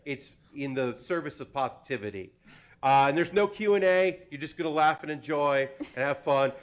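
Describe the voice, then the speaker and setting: A fairly high-voiced man hosts a live comedy panel at a convention. He talks in an animated, laughing, self-deprecating way into a stage mic. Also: normal speed. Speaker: host. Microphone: handheld or stand mic.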